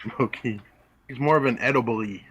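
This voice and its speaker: A man's voice: medium pitch, normal speed, fairly bright tone, slightly rough. A man co-hosting a podcast in casual chat, making dry teasing remarks. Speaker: podcast co-host.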